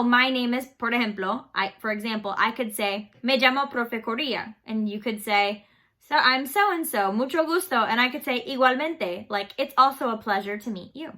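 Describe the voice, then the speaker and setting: A woman's voice: a little high, pushed and bright. A woman teaching a beginner Spanish lesson online, explaining phrases patiently and leading repeat-after-me drills.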